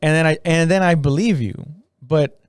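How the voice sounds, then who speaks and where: Man, comedy podcast host, crude teasing banter, fairly high voice, dry recording. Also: normal speed, clear, resonant tone, no echo. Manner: teasing, crude, laughs a lot.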